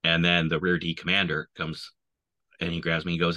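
Low, bright-voiced swearing army veteran. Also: male voice, flat delivery, normal speed. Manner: profane, swears constantly. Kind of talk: casual war storytelling.

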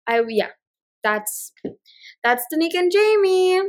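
A woman co-hosting a podcast in casual chat, rambling with lots of filler words and getting animated when she retells a scene. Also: extremely high pitch, takes it slowly. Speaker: podcast co-host.

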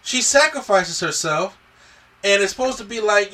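Animated man recapping a movie, bright voice. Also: high voice, normal speed, far from the mic, slight background noise. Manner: animated retelling, acts out the characters' lines. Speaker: podcast host. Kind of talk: casual movie review chat.

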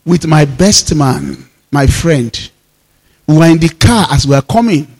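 A man's voice: fairly high pitch, animated, a little slow, darkish tone. A man with a Nigerian accent, a pastor preaching an emphatic sermon told through personal stories and proverbs. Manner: emphatic storytelling, mixes in Yoruba proverbs.

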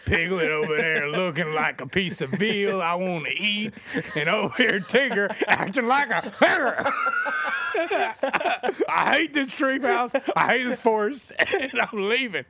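A man's voice: high voice, expressive, takes it slowly, gravelly, bright, forceful tone, voice pushed up, heavily acted. A man voicing a gloomy adult donkey who is fed up and ranting about his friends.

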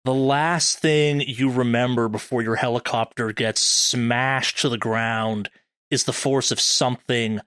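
A man running a tabletop horror game as game master, narrating in a measured way with slow dramatic beats. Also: mid-range voice, fairly bright tone, no echo.

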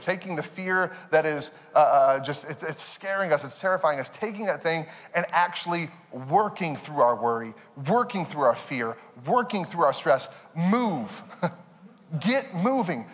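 Pastor preaching to a congregation, high-pitched man, animated delivery with laughs, church auditorium echo. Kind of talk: sermon.

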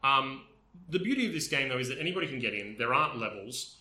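A man's voice: medium pitch, lively intonation, quick pace, pushed and bright. A man co-hosting a casual chat about games, telling stories with enthusiasm and lots of fillers. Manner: enthusiastic, storytelling with many fillers. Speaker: podcast co-host. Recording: roomy echo.

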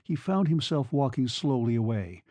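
A man narrating a novel as an audiobook reader, in a measured way, lightly voicing the characters. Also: medium pitch, sing-song, darkish tone, no echo. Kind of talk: scripted narration.

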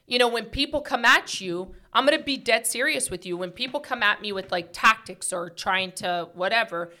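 A woman's voice: a little high, normal speed, sharp tone. A woman hosting a podcast, talking earnestly in a casual heart-to-heart chat, full of "like" and "right?" fillers. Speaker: podcast host.

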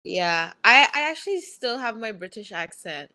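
A woman's voice: a little high, big pitch swings, moderate pace, a loud crowd. A chatty woman with a mixed Bruneian American accent, talking casually on a podcast over a call. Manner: chatty, laughs easily. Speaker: podcast co-host. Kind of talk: casual chat.

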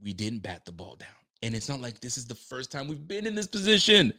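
A man's voice: medium pitch, very animated, a little fast, hardly any pauses, bright, forceful tone. A young man hosting a live sports stream, ranting with frustration and swearing freely, sometimes acting out players' voices. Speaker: livestream host. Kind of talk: animated live sports rant.

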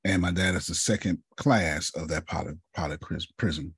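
A man giving a motivational talk to a group, telling a personal story, calling on listeners by name and often clearing his throat. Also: sits low, normal speed, a bit bright, no room sound. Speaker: speaker leading a group session.

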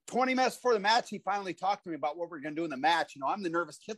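Man, 40s, from Iowa, high voice, animated storytelling, dry close sound. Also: racing, hardly any pauses, no room sound. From Iowa, USA. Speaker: podcast guest, former pro wrestler. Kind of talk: casual interview storytelling.

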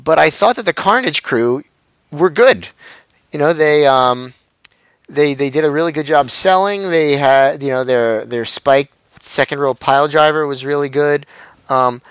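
A man's voice: a little high, measured pace, fairly bright tone, clean tone, no room sound. A man co-hosting a podcast in casual chat, often stammering and repeating words. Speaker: podcast co-host. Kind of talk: casual chat reviewing wrestling shows.

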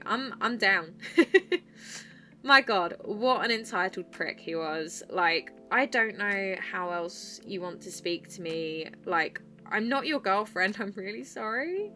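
Young woman, podcast host; bright, bubbly, slow-paced chat with swearing. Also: mid-range voice, animated, faint music behind. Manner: chirpy and bubbly, swears freely. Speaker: podcast host and club dancer. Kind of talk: casual storytelling monologue.

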